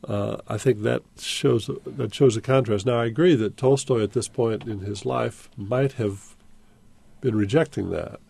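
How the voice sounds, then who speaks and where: A man's voice: mid-range voice, a little slow, creaky, mellow, breathy edge. A man hosting a call-in radio discussion, thoughtful and stopping to restart his phrases. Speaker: radio talk show host.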